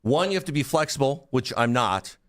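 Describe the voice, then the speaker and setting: A man talks through the rules and history of curling on a radio sports show. His voice swings widely in pitch as he gets into the details, and he often repeats a word before the sentence takes off. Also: lively intonation, a little fast. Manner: enthusiastic, explanatory, repeats words when starting. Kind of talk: casual studio chat. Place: radio studio.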